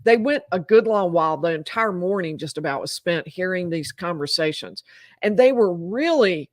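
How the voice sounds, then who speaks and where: A woman's voice: lowish voice, lively intonation, moderate pace, dry recording, clean studio sound. A woman lawyer giving live legal commentary in an explanatory, emphatic way.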